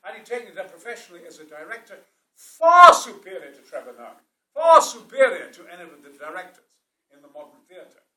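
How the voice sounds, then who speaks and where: A man with a Yorkshire accent telling stories about acting in a booming, theatrical way, swinging from a hush to a roar. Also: very animated, brisk. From South Yorkshire, England. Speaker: actor. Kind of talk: theatrical storytelling interview. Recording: roomy sound from a distant mic.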